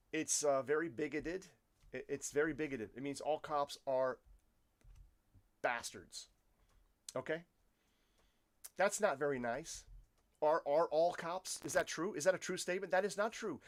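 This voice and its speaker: A man giving casual, opinionated livestream commentary, firing rhetorical questions at his viewers and often restarting his sentences. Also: on the high side. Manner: addresses viewers as folks. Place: Poland.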